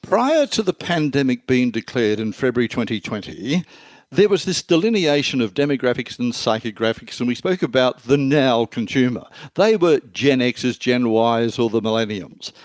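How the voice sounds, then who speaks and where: A man's voice: medium pitch, lively intonation, moderate pace, no echo. An older man, a marketing expert answering interview questions in an emphatic way that builds long lists of terms.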